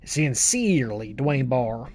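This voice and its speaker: A man's voice: medium pitch, sing-song, slow, a little mellow, a little hiss or hum. A man voicing a plain-spoken, earnest middle-aged man who writes in to complain, reading his ungrammatical letter aloud in a put-on voice. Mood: earnest complaint.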